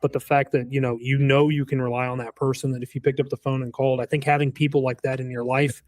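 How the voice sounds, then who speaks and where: A man in his thirties, a roofing business owner, chatting as a podcast guest in an earnest, animated way with frequent restarts. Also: medium pitch, quick pace, no room sound. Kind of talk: casual podcast chat.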